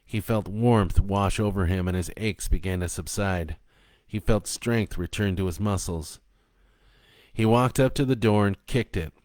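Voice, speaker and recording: A man narrating a dark story in a slow, even, low-key reading voice. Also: no echo.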